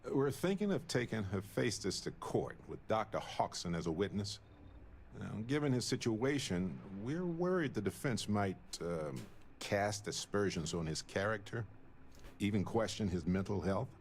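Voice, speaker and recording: A man voicing a game's player character, calm, level and earnest. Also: on the low side, normal speed, slight background noise. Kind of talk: video game dialogue.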